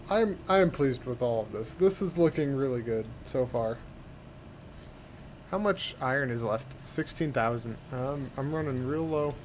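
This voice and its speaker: Gaming host, male, unhurried and chatty, thinks aloud as he plays, faint hum behind. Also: medium pitch, a bit bright. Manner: easygoing, muttering to himself with fillers. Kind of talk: casual gameplay commentary.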